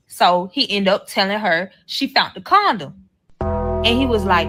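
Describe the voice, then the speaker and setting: Bright-voiced woman telling a profane story. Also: medium pitch, moderate pace, soft background music, poor audio. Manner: profane, animated, acts out quoted dialogue. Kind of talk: casual storytelling.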